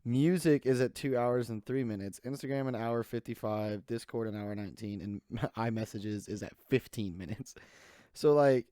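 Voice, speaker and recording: A man's voice: medium pitch, normal speed, mellow, no echo, clean studio sound. A young man hosting a podcast alone, rambling casually with lots of "like" fillers. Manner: rambling, loose, full of "like" fillers. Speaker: podcast host. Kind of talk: casual solo podcast chat.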